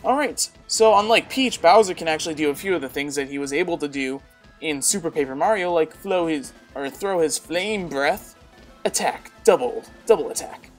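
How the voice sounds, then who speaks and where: A woman's voice: low voice, animated, normal speed, soft background music. A woman casually commenting on a game walkthrough in a chatty, wry, self-mocking way. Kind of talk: casual let's-play commentary.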